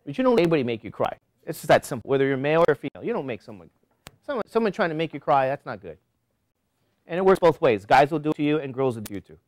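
A man teaching a college class, talking straight to his students with lots of rhetorical questions and a preachy, animated delivery. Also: a little high, rapid-fire, no room sound. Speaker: college statistics instructor. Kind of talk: classroom lecture digression.

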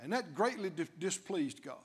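A male pastor preaching a sermon in a church, swinging from low asides to shouted declarations. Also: sing-song, moderate pace, husky. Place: church sanctuary. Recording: long church reverb.

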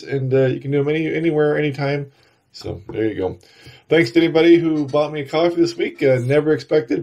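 A man with a stuffy, nasal voice from a cold, chatting casually as he narrates a woodcarving tutorial while he works. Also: a little high. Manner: relaxed, chatty, talks while working. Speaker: woodcarving channel host.

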